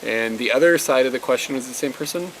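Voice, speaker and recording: A man's voice: mid-range voice, quick pace, fairly bright tone, a little hiss or hum, poor audio. A man co-hosting a casual Q&A vlog, rambling with lots of "like" fillers. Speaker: vlog co-host. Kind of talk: casual Q&A chat. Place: indoors, living in Japan.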